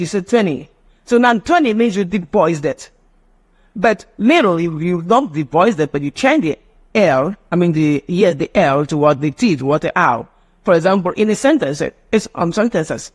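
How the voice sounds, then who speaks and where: High-voiced Nigerian man teaching phonetics. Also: lively intonation, normal speed, husky. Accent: Nigerian English. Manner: repetitive, explanatory lecturing. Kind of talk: live online class.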